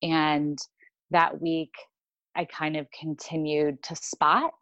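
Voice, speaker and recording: A woman's voice: low-pitched, little pitch movement, slow, fairly bright tone, dry recording, highs cut off. A young woman telling a personal story in casual chat, with many fillers and restarts. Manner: rambling, lots of fillers and restarts. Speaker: podcast guest.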